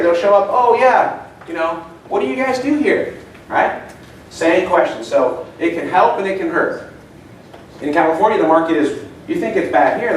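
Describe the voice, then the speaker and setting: A man's voice: a little high, a little hiss or hum. Chatty man speaking in an echoey room. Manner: chatty storyteller, asks the room questions. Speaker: seminar speaker. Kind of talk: live seminar talk to an audience. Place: meeting room. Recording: echoey room, mic far off.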